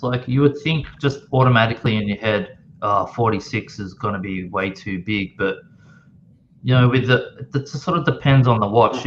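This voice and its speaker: A man's voice: medium pitch, muffled recording, slight background noise. A man joining a live watch chat over a video call, easygoing and rambling with lots of restarts.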